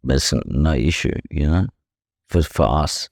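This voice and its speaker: Speaking candidly as a podcast guest, a young Australian professional boxer tells his story bluntly, swearing freely and repeating "you know" constantly. His voice is extremely low, creaky and darkish, delivered a little slowly. It's a studio-quality recording without echo.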